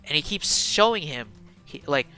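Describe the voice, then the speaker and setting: A young man streaming to a live chat, telling a casual, slangy and profane story, animated and excitable, swinging from mumbled asides to loud bursts. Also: fairly high pitch, moderate pace, faint music behind. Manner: slangy and profane, full of fillers.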